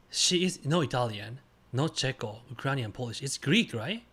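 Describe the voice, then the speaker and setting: A male streamer chats casually during a guessing game, talking in halting, simple phrases broken up by excited cheers. His voice is medium in pitch with a breathy edge.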